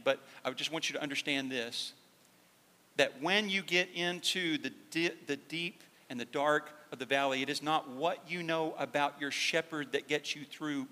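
A man preaching a sermon as pastor, dropping to a hushed, slow emphasis and then rising to loud, fervent peaks. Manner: swings from hushed, slow emphasis to loud, high-pitched fervor. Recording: long hall reverb.

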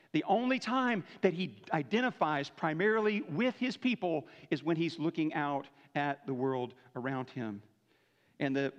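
High-voiced preacher man in echoey hall. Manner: conversational preaching, frequent "right?" tag questions. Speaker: pastor. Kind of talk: sermon. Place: church sanctuary. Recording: dull lo-fi church hall recording.

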